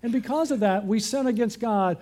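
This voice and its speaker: Male preacher, sermon, high voice, mellow tone, asks the listeners questions. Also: brisk. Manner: earnest, asks the congregation questions.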